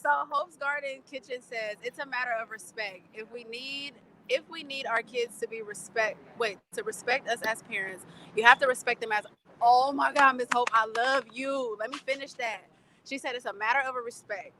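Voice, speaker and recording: A young woman co-hosting a casual chat show, reading viewer comments aloud and talking in an animated, rambling way with quick laughs and restarts. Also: fairly high pitch, noisy background.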